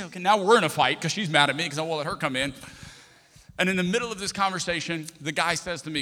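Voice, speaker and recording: A man preaching, telling a personal story in an animated, self-interrupting way and joking with the congregation. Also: on the high side, quick pace. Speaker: pastor. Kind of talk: sermon storytelling. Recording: reverberant hall.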